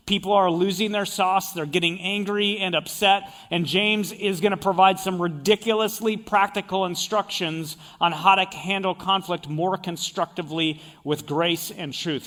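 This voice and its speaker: A man's voice: high-pitched, a bit bright. A male pastor giving a sermon, explaining word meanings with emphatic repetition.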